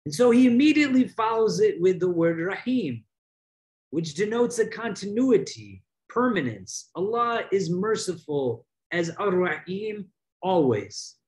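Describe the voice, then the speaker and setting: High-voiced man giving an emphatic religious talk. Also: big pitch swings, a little mellow. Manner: emphatic, drops low and slows on key words. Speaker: imam. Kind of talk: religious lecture.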